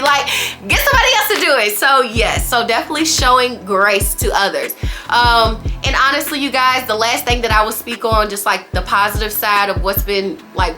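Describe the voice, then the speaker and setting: Chatty young mom vlogger, bright voice. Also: female voice, mid-range voice. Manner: chatty and candid, says y'all, girl and you guys often. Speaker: new mother. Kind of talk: casual sit-down chat to camera.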